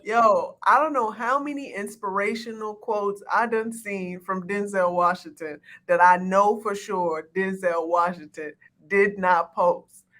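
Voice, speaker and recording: A woman's voice: medium pitch, fairly even intonation, measured pace, fairly bright tone. A woman co-hosting a podcast in casual chat, emphatic and blunt with plenty of profanity. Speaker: podcast co-host.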